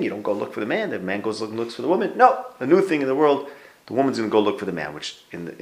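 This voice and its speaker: A man with a lowish voice teaches an informal Torah class in a roomy space. He talks conversationally, restarts his sentences and turns to his listeners with questions. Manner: conversational, thinks aloud, restarts and quizzes listeners. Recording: roomy echo.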